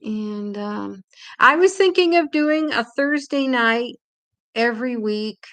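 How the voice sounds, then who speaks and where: Here is a retired woman with a Hoosier accent, talking on a home live stream in a relaxed, rambling way. Her voice has a gravelly edge, and she laughs often as she chats. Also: on the high side, takes it slowly. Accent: Indiana. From England. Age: older. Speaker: livestream host. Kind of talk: casual live-stream chat.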